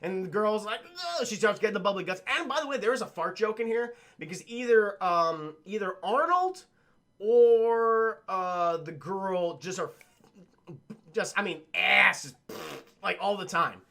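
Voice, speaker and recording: A man's voice: high-pitched, expressive, moderate pace, fairly bright tone. A man reviewing a film on a livestream, rambling and swearing as he talks to his chat.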